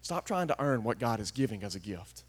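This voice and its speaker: A man preaching a folksy sermon, swinging from hushed asides to loud, emphatic declarations. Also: fairly low pitch, big pitch swings, brisk, husky. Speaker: pastor.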